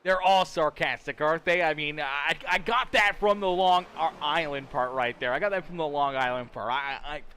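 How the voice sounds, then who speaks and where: A man's voice: a little high, moderate pace, hardly any pauses, bright, forceful tone, a little hiss or hum. A young man doing live play-by-play for an online racing league, chatting and teasing viewers between calls and often repeating himself. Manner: chatty and teasing, repeats phrases, stumbles over words. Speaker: sim racing league commentator. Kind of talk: live play-by-play commentary mixed with chat replies.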